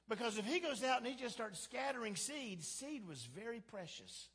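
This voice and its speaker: A man's voice: sits high, very animated, moderate pace, hardly any pauses, a bit bright, slightly rough. A man preaching a sermon as pastor, in a conversational, humorous way that acts out quotes. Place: church sanctuary. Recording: long hall reverb.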